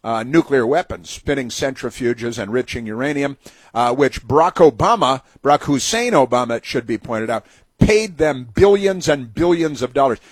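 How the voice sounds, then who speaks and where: A talk-radio man with a husky, slightly rough voice, recorded close and dry with no room sound. He rants in a sarcastic, mocking way, stumbling through restarts and filler words as he goes. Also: mid-range voice, expressive, normal speed, no room sound. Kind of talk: opinionated talk radio monologue.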